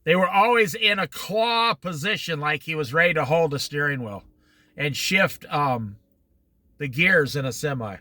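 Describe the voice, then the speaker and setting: A middle-aged man teaching an informal Bible study, telling stories with lively quoted voices. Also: a little high, normal speed, no room sound. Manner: animated storytelling with quoted voices.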